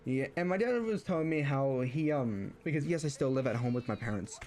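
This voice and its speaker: A man's voice: mid-range voice, animated, brisk, darkish tone. A young man streaming, ranting casually about family, rambling with many restarts and fillers and rising when riled. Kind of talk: casual rant while streaming.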